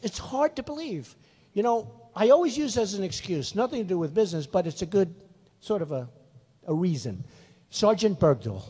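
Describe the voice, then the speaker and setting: A man's voice: high voice, darkish tone, breathy edge. A man in his sixties giving a rally speech in a large hall, rambling, boastful and repetitive. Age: 60s. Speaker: political candidate. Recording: long hall reverb.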